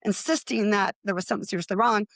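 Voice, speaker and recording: A middle-aged woman tells her story in a casual, animated way and keeps slipping into the voices of the people in it. Her pitch sits in the middle for a woman. The recording is close and dry. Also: quick pace, no echo. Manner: animated, acts out quoted voices with rising pitch. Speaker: guest.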